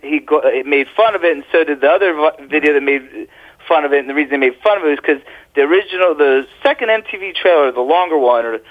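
A man on a casual podcast chat, adding local background and quick asides. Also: fairly high pitch, expressive. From Sarasota area, Florida. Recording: tinny phone line.

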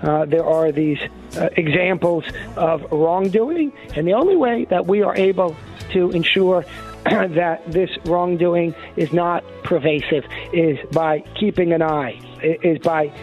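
A man's voice: on the high side, measured pace, faint music behind. Emphatic male talk radio host, tinny sound. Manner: emphatic, repetitive, clears throat. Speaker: guest host and law professor.

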